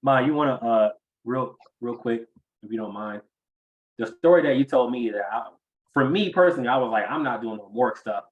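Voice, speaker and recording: A man speaks up casually on a group coaching call, prompting the host in a relaxed way. His voice sits at an ordinary pitch. The audio is dull and lo-fi, like an online call. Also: a little fast. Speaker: call participant.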